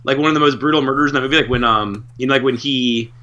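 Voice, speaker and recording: A man's voice: mid-range voice, racing, bright, forceful tone, muffled recording. A man co-hosting a casual chat, telling rambling stories with many restarts. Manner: rambling, heavy on filler words and restarts.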